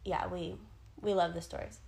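A woman's voice: on the low side, level tone, moderate pace, vocal fry, darkish tone, a little hiss or hum. A woman co-hosting a podcast, chatting candidly, swearing freely and laughing often. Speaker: podcast co-host, photographer. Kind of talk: casual chat.

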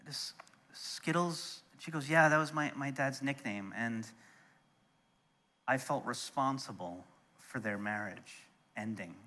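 A middle-aged man preaching, telling a personal story in an animated way that turns soft and quiet when he is moved. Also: medium pitch, slow pace. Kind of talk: storytelling sermon.

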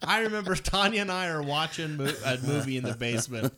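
A man's voice: on the high side, fairly quick. A man chatting casually as a podcast guest, telling stories with lots of laughter and acting out what people said. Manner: animated storyteller, laughs often, acts out quoted voices. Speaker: podcast guest, brother of host. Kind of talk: casual chat.

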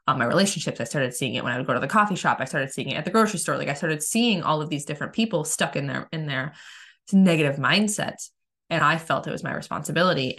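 A woman with a slightly low voice shares her story in a casual personal monologue. She talks candidly and emphatically, swears without hesitation and restarts her sentences often. When she acts out her past frustration, her voice jumps up high and speeds along. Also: fairly bright tone. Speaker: energy healer.

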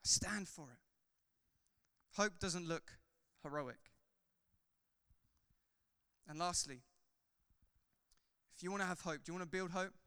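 A man who is a pastor, preaching a sermon in a church hall, swinging from loud fervor to soft, chatty asides. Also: high-pitched, measured pace, long pauses, smooth. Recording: long hall reverb.

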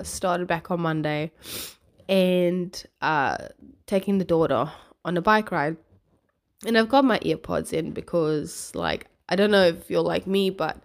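Animated, sweary woman telling a story. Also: lowish voice. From South Africa. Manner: animated, swearing, acts out her own outbursts. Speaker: podcast host. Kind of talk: casual storytelling monologue.

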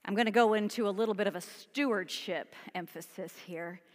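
A woman's voice: mid-range voice, a little fast. A woman pastor preaching a sermon in a conversational, emphatic way, asking her congregation questions. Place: church sanctuary. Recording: long church reverb.

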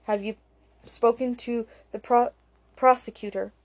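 A woman reading the part of a cautious male colleague who gives measured advice. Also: a little high, fairly even intonation, a little mellow. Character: careful adult male colleague, reasoning.

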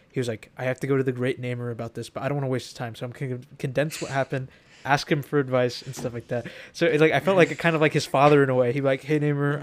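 A young man co-hosting a podcast in casual chat, joking with deadpan sarcasm. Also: mid-range voice. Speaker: podcast co-host.

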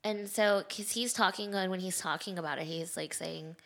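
A woman co-hosting a casual podcast, chatting about a film and adding details in a relaxed, conversational way. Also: fairly low pitch, moderate pace, creaky. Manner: chatty, adds details, whispers when quoting creepy lines. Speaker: podcast co-host. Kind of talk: casual movie recap chat.

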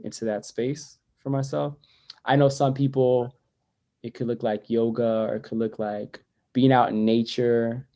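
A man, a poet and educator, speaking reflectively as a guest in a podcast interview, with many "like" fillers and a voice that drops soft and quiet when he turns inward. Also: medium pitch.

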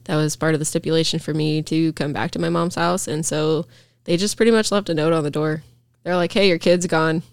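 A woman's voice: low-pitched, fairly even intonation, brisk, vocal fry, darkish tone, clean tone, no room sound, clean studio sound. A young woman, a podcast guest, rambling through a personal story with lots of fillers.

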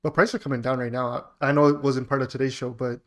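A man's voice: mid-range voice, little pitch movement, fast talker. Laughing, joking man hosting a podcast. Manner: laughs often, loose and joking. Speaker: podcast host. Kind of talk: casual chat.

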